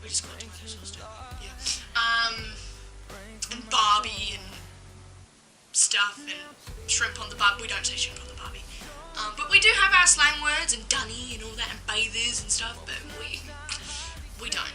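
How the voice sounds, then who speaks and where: A young Australian woman vlogs straight to camera in a chatty, indignant way, her fairly high voice peppered with "um" and "like." She keeps a measured pace with long pauses. Music plays behind her, and the recording quality is low.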